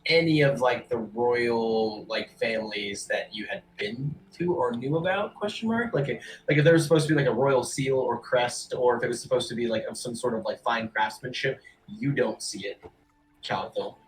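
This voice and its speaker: A man's voice: medium pitch, moderate pace, slight background noise, poor audio. A man narrating a tabletop game as game master, casual with many fillers.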